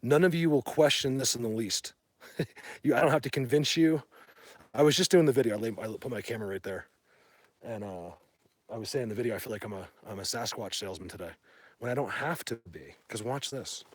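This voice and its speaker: Rambling excitable man streaming outdoors. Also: mid-range voice, a little fast, no echo. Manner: rambling and excitable, chatting to viewers. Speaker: bigfoot-hunting livestreamer. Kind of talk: casual live stream chat. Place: outdoors in a mountain wilderness. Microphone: phone held by hand.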